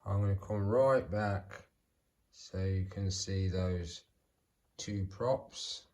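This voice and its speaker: A middle-aged man calmly narrating a vlog as he poses action figures, talking half to himself. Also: sits low. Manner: calm, unhurried, talking to himself. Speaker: toy figure channel host. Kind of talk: casual vlog narration while posing figures.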